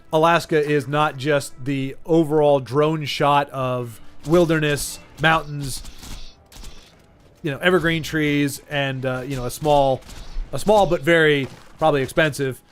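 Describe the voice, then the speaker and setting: A man chatting casually with viewers while streaming a game, rambling and stumbling over his words. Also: fairly high pitch. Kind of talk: casual live-stream chat while gaming.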